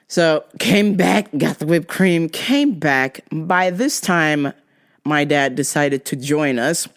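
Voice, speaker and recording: A woman's voice: deep voice, takes it slowly. A woman hosting a podcast, telling a story in a blunt, profane, exasperated rant. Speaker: podcast host.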